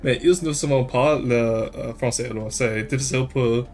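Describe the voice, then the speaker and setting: A man's voice: mid-range voice, moderate pace, faint music behind. A young man from Quebec chatting casually on a livestream, answering viewers, cursing and laughing freely. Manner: animated, switches into French, swears and laughs freely. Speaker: streamer.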